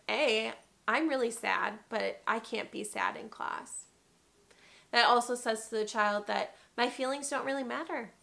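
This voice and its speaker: Gravelly-voiced woman teacher. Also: fairly high pitch, slight background noise. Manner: warm, encouraging, talks straight to the viewer; acts out soft calm teacher phrases. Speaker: preschool teacher. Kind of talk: casual teaching vlog.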